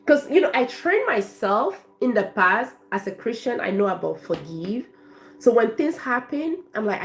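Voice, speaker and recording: A woman's voice: a little high, big pitch swings, normal speed. A woman from Africa, a life coach, chatting effusively on a live stream and thanking her viewers by name.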